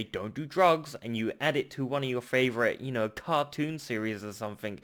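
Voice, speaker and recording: A man's voice: medium pitch, moderate pace, few pauses. A man hosting a reaction video, ranting heatedly with a lot of repetition. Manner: heated, repetitive ranting, then apologetic and calm. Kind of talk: casual reaction rant.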